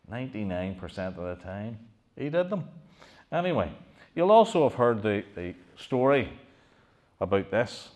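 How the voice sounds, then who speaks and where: A middle-aged man with a very low voice, lecturing a live audience. He talks with animation, throws questions out to the listeners and keeps doubling back on his own phrases. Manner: animated, rhetorical questions, frequent restarts. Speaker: lecturer giving a museum talk. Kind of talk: public history talk to an audience.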